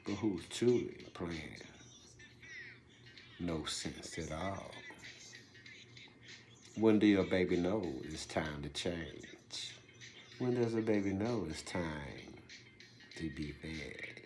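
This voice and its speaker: A man giving a preachy monologue, firing off rhetorical questions and swinging between loud bursts and hushed whispers. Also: sits low, slow, pauses often, soft background music. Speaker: speaker delivering a monologue.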